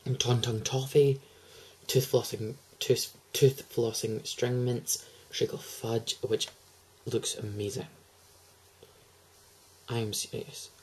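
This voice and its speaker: A man's voice: medium pitch, level tone, slow pace, slightly rough, poor audio. A teenage boy, chatting to camera in a hyper, gushing, rambling way. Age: teens. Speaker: vlogger. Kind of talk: casual chat to camera.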